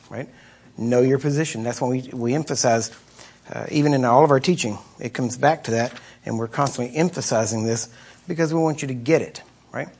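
A middle-aged man preaching an informal sermon. He talks to his listeners in a conversational way, asks "right?" again and again, and often clears his throat. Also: mid-range voice, darkish tone. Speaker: preacher teaching on deliverance.

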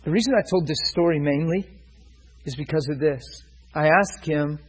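A man delivers a sermon through a personal story, voicing both himself and the other man in the quoted talk. His voice is very husky and breathy, and he keeps checking that his listeners are following him. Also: on the high side, normal speed, poor audio. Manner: retells a personal story, quoting both sides; asks listeners if they follow. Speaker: preacher.

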